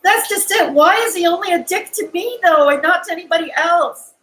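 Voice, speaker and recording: Extremely high-pitched, brisk, and a bit bright, her voice comes through a rough recording. On a live stream she talks to her chat in a distraught, rambling monologue, tearful at moments and breaking into bitter laughter between thoughts.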